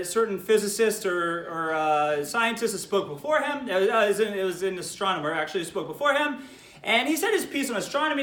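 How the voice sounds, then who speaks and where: Rabbi, male, lively high-pitched delivery, bright tone, echoey room. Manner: animated storytelling, acts out quoted voices. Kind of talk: informal lecture.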